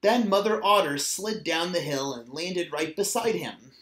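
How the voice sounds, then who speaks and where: A man reading a children's picture book aloud in a plain, steady way. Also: sits high, measured pace. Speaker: storybook reader. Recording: roomy echo.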